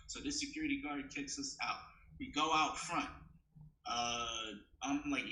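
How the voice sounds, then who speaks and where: A young adult man doing stand-up comedy, telling a story and acting out the other people's lines in an animated way. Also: mid-range voice, a little fast. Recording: echoey room.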